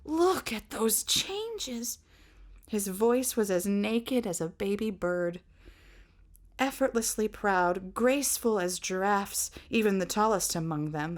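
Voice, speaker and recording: A woman reading a fantasy novel aloud in an expressive, measured way. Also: mid-range voice. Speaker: reader.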